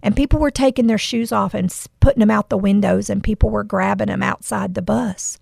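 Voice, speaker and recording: A woman's voice: mid-range voice, steady tone, brisk, vocal fry, a little mellow, dry recording, clean studio sound. A middle-aged woman hosting a podcast, telling a personal story with earnest emotion and reflecting on Bible verses. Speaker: podcast host.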